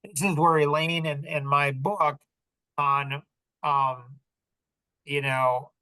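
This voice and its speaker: A man's voice: a little high, level tone, takes it slowly, sharp tone, dry recording, poor audio. A man coaching a group call in a loose, wandering way, with many fillers and restarts. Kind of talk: rambling casual teaching.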